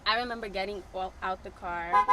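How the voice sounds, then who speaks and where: A woman's voice: medium pitch, steady tone, brisk, bright, forceful tone, slight background noise. A young woman in casual chat who laughs when she is nervous and breaks in to correct details.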